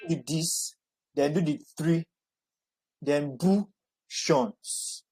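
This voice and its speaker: A man's voice: fairly high pitch, darkish tone, husky, poor audio. Patient, encouraging male tutor. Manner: patient, encouraging, slow syllable-by-syllable. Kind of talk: online spelling and pronunciation lesson.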